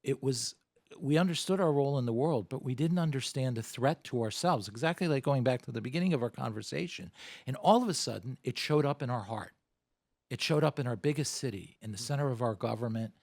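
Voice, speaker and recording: Casting note: male guest, mid-pitched, dry close sound, measured and emphatic. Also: animated, vocal fry, a little mellow, no room sound. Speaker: guest, former government advisor. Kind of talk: interview answers.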